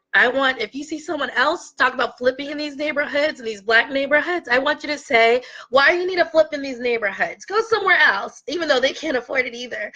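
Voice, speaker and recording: A woman's voice: sits high, bright, forceful tone, poor audio. A woman real estate investor coaching her viewers in an earnest, impassioned talk, at times close to tears. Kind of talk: heartfelt direct-to-camera talk.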